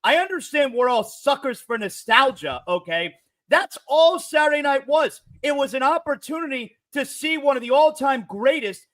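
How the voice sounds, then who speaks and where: A man's voice: extremely high pitch, sharp tone, low-quality recording. A man in his forties ranting on a sports talk show, emphatic and full of rhetorical questions. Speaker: show panelist.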